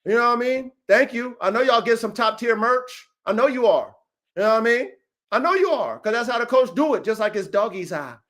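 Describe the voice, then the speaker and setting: A man's voice: very high-pitched, expressive, fairly quick, fairly bright tone. A man hosting his own dog-training channel, talking in a brash, taunting, profane livestream rant, tacking "man" onto nearly every line.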